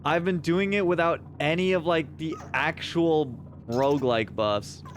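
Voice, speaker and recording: A man's voice: on the high side, unhurried, slight background noise. A man streaming a video game live, talking to chat in a frustrated, self-deprecating way and swearing often. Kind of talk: live gaming commentary.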